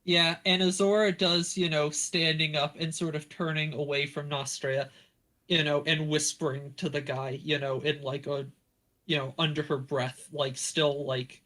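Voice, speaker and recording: Rambling, slightly high-voiced player. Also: male voice, level tone, normal speed, sharp tone. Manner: rambling, many fillers. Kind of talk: casual tabletop game play.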